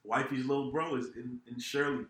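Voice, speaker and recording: A man hosting a podcast, telling a story in an animated, profane and laughing way. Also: medium pitch, normal speed. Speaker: podcast host. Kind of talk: casual storytelling. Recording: echoey room.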